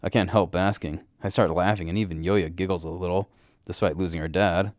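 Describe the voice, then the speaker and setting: A man reading a first-person story aloud in a brisk, wry manner. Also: deep voice, fairly even intonation, no room sound, studio quality.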